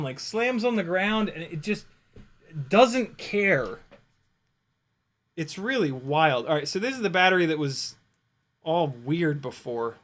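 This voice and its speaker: Excitable guy flying drones on stream, laughs a ton, curses, very up and down voice. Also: sits high. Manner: excitable, laughs often, swears, talks to his dog. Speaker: FPV drone pilot and streamer. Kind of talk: casual live-stream chat while flying.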